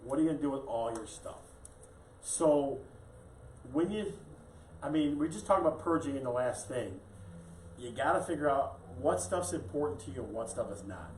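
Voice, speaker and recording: A man's voice: medium pitch, animated, normal speed, slight background noise. Real estate guy chatting on a live show, joking around, echoey room, kinda far off the mic. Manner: chatty, jokey, lots of "yeah" and "right". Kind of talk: casual live-stream chat.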